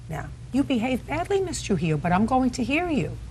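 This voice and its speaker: An older woman presiding as a courtroom judge, sharp and interrupting as she scolds the parties. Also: on the high side, very animated, fairly quick, husky. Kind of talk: courtroom arbitration.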